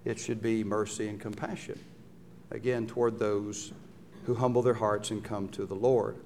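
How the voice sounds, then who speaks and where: A man preaching a sermon, telling a Bible story with lively acted-out quotes and rhetorical questions to his listeners. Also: fairly low pitch, moderate pace, a little hiss or hum.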